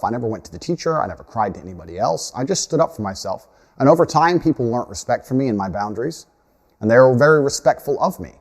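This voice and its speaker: Man telling his life story, lowish voice. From United States. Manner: measured, earnest storytelling. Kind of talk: self-told life story in a video. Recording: long hall reverb.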